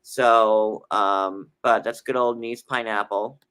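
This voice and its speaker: A man co-hosting a casual reality-TV recap chat, animated and quick to slip into playful impressions. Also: on the low side, clear, resonant tone. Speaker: co-host.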